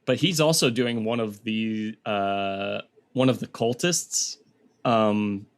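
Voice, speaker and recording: A man's voice: fairly low pitch, slow, clean tone. A man co-hosting a podcast in casual chat, rambling with many fillers and slipping into goofy voices when he quotes people. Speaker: podcast co-host.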